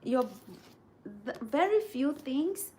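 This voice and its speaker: A woman hosting her channel in a casual motivational chat, reading viewer comments and often checking in with "right?" in a soft, breathy near-whisper. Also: high voice, expressive, takes it slowly, a little hiss or hum. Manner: earnest, repeats "right?" and "okay?" to check in with viewers. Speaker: channel host.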